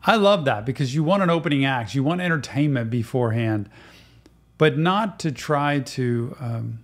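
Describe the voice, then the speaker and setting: A man's voice: medium pitch, lively intonation, moderate pace. A man who works as a therapist, hosting a casual reaction show and giving earnest advice. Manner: earnest, advising.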